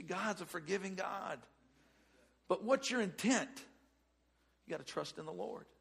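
Man preaching, gravelly, animated, loud and hushed by turns. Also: high-pitched. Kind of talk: sermon.

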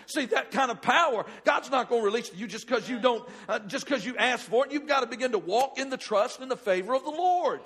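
A man preaching a sermon, animated, swinging from loud outbursts to hushed asides. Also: very high-pitched.

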